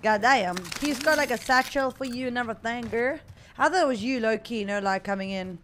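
A woman streaming a shooter game, chatting casually with her viewers and teammates, excitable and laughing often. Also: on the high side, a little fast, slight background noise.

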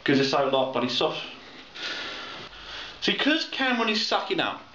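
A man's voice: fairly high pitch, sing-song, moderate pace, sharp tone, a little hiss or hum. A man delivering a heated, swear-laden political rant, often repeating himself. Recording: echoey lo-fi room recording.

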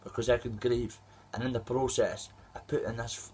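A man's voice: mid-range voice, fairly even intonation, moderate pace, a little hiss or hum. A Scottish man in his thirties, an amateur fighter, delivering an aggressive, rambling trash-talk callout to a rival. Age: 30s. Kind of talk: trash-talking callout video.

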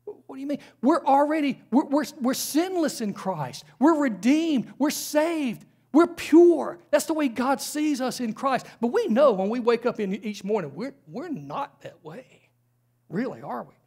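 A man's voice: very high-pitched, lively intonation, measured pace, a little mellow, slightly rough. A man preaching a sermon in a church, conversational, with frequent rhetorical questions. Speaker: pastor. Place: church sanctuary.

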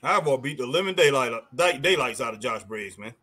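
A man's voice: medium pitch, animated, moderate pace, sharp tone, slightly rough. A man co-hosting a live wrestling watch-along, reading viewer comments and exclaiming at the action.

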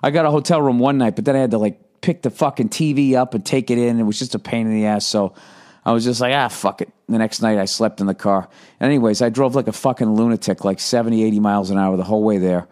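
A middle-aged man from the United States talks through a loose, profanity-laced story, drifting from one tangent to the next. His voice sits fairly low, and he drops into quick mock voices as he goes. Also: warm tone. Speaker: podcast host. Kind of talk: casual solo monologue.

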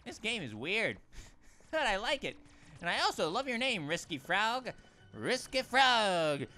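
A man's voice: sits high, sing-song, moderate pace, pushed and bright. A man hosting a gaming channel, giving goofy let's-play commentary full of puns and talking to the characters on screen. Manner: punning, jokey, talks to game characters. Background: game music.

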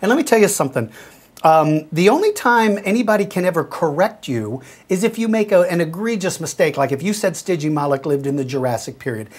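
A man's voice: a little high, expressive, fairly quick, slightly rough. A middle-aged man hosting a question-and-answer show, explaining things in a friendly, folksy way straight to young viewers. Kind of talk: casual explanatory talk.

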